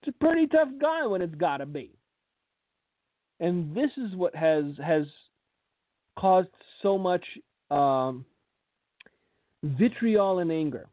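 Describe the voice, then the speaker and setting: High-voiced guy doing sarcastic radio commentary, slow and blunt, dry tinny phone sound. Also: very animated, no room sound. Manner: sarcastic, blunt, repeats words when starting. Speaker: radio host and preacher.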